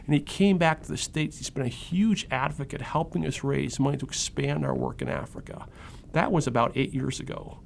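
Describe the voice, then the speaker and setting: Gravelly earnest middle-aged man. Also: a little high, normal speed, a little hiss or hum. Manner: earnest, emphatic, with repeated restarts. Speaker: ministry organization director. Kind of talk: interview answer, personal testimony.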